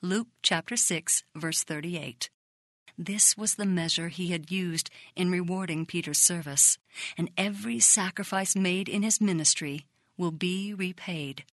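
A woman narrating a devotional book in a steady, measured reading voice that includes scripture citations. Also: fairly low pitch, no echo, studio quality. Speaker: audiobook reader.

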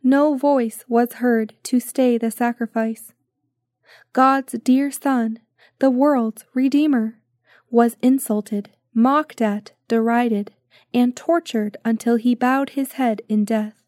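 A woman giving a scripted devotional reading in a solemn, measured way. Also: fairly high pitch, steady tone, a little mellow, no room sound, studio quality. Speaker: devotional reader.

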